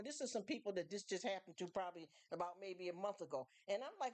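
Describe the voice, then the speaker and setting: A woman's voice: mid-range voice, quick pace, few pauses. A middle-aged woman hosting a live stream, talking candidly and emphatically to her chat.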